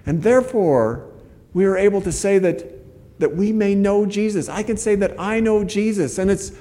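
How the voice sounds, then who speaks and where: A man's voice: high voice, normal speed, dark tone, in a large hall. A man preaching a sermon as a pastor, earnest and conversational, often restarting his phrases.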